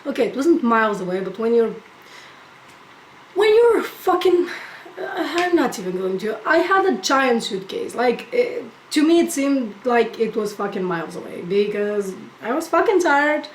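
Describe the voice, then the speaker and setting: A woman's voice: on the high side, moderate pace, a little hiss or hum. A young woman telling a storytime vlog as a profane, exasperated rant. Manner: profane, exasperated, animated ranting. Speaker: vlogger. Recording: echoey room.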